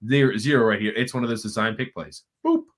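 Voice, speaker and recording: A man co-hosting a sports watchalong stream, chatting excitedly and emphatically about a football game. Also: medium pitch, a little fast. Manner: excitable, emphatic, with repeated restarts. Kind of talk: casual sports commentary chat.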